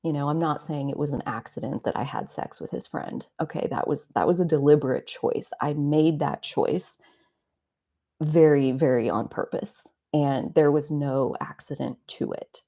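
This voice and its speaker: A woman's voice: low-pitched, normal speed, mellow. A woman in her thirties hosting a live stream, telling personal stories in a rambling, confessional way. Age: 30s. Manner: rambling, confessional, many "like" fillers. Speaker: astrology live stream host. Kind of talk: reflective personal storytelling. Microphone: live stream mic.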